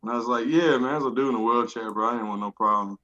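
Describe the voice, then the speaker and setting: Male comic, quick storyteller, bright voice over a dull lo-fi line. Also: medium pitch. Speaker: comedian guest. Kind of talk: casual chat. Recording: dull lo-fi sound.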